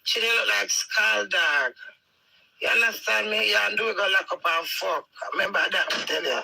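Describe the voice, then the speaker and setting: A woman's voice: mid-range voice, moderate pace, gravelly, sharp tone, slightly rough, low-quality recording. A woman with a Jamaican accent, talking straight at her husband in a heated, scolding rant that circles back on itself. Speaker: wife addressing her husband.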